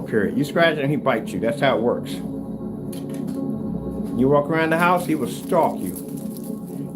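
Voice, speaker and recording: A man talking casually in a home workshop vlog, rambling and restarting, sometimes raising his voice to scold his cat. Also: mid-range voice. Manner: rambling, chatty, restarts often. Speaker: home theater screen maker.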